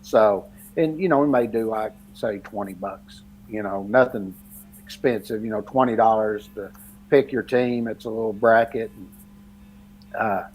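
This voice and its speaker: A man's voice: on the low side, a little slow, darkish tone, slight background noise, poor audio. Rambling man on a casual podcast. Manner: rambling, laughs through stories, lots of fillers. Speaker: podcast co-host. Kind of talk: casual chat.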